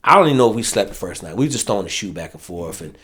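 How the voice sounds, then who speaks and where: A man's voice: fairly low pitch, rapid-fire, husky. A man, a former Navy SEAL, telling stories casually and profanely, often acting out what others said. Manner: profane, animated, acts out quoted dialogue. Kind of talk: casual storytelling.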